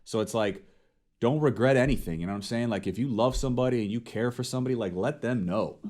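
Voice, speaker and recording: A man's voice: mid-range voice, fast, a little mellow. A man talking as a podcast guest in a casual chat, earnest and full of "you know what I'm saying.".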